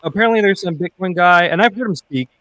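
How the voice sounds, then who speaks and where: A man's voice: sits high, fast talker, fairly bright tone, no room sound. A man co-hosting a podcast, laid-back and chatty, tossing in playful asides. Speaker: podcast co-host. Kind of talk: casual chat.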